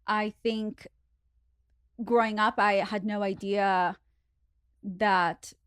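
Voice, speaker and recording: Lively woman from Russia, dry sound. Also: medium pitch, extremely slow, clear, resonant tone, dry recording. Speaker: podcast guest. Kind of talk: casual chat.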